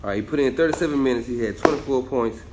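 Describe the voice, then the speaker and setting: A man's voice: mid-range voice, rapid-fire, background noise. A man hosting a casual show, laid-back and slangy, tagging lines with "you hear me". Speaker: show host. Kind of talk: casual chat. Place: indoor room on camera. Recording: roomy echo.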